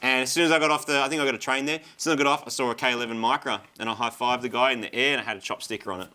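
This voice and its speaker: A man co-hosting a casual car podcast, enthusiastic and quick to blurt out reactions. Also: medium pitch, fairly even intonation, sharp tone, clean tone. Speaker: podcast co-host. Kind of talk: casual banter.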